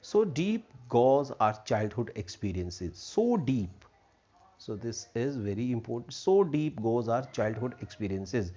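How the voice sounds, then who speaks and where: A man's voice: mid-range voice, big pitch swings, measured pace, dark tone. A man teaching an English textbook lesson, repeating himself and defining words with many fillers. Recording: dull lo-fi recording.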